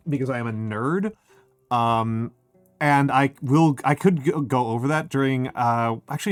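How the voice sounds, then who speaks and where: A man's voice: mid-range voice, moderate pace, no room sound. A middle-aged man chats with his stream while his throat sounds a bit scratchy. He rambles, pokes fun at himself and reads out viewer names. The sound is dry and close, with faint music underneath. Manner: rambling, self-deprecating, reads chat aloud. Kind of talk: casual chat with stream chat.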